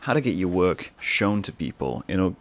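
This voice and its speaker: A man with a deep, sing-song voice hosts his own podcast, musing casually on his own at a moderate pace. He rambles and drops in self-mocking asides.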